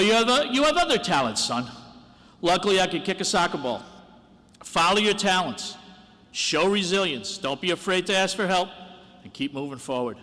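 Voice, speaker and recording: Bright-voiced man giving a graduation speech. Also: high voice, in a large hall. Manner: earnest, encouraging, self-deprecating. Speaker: dean of the senior class.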